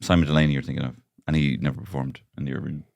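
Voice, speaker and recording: A man's voice: very deep voice, flat delivery, racing, creaky, darkish tone, no echo, muffled recording. An Irish man co-hosting a comedy podcast, teasing and rambling with lots of fillers. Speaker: podcast co-host. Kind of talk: casual comedy chat.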